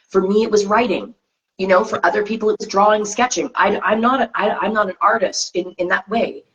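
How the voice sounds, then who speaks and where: A woman co-hosting a spiritual tarot chat, talking earnestly in repeated coaching phrases over a video call. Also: medium pitch. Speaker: co-host of tarot reading show. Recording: slightly dull lo-fi sound.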